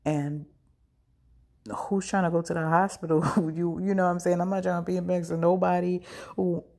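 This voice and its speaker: A woman's voice: lowish voice, flat delivery, moderate pace, creaky, a little mellow. A woman telling her own story in a chatty, scattered way, acting out what others said, while she is in pain. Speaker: podcast host. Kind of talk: casual storytelling.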